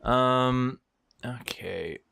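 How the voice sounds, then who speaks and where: A man's voice: mid-range voice, extremely slow, vocal fry, pushed and bright, smooth. A young man streaming a strategy game, chatting to his viewers with wry remarks and sudden exclamations. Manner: talks to chat, wry, exclaims and trails off. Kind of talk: casual gameplay commentary.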